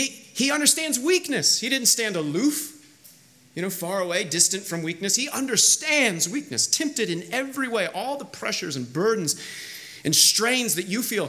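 Animated, bright-voiced male pastor preaching. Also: high-pitched. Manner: conversational, emphatic preaching with frequent restarts. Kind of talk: sermon. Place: church sanctuary.

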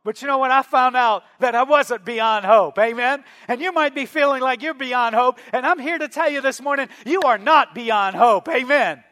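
Man, pastor, sermon, very high voice, emphatic, slows to stress phrases, long hall reverb. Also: pushed and bright. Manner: emphatic preaching, slowing down for stressed phrases and quoting scripture.

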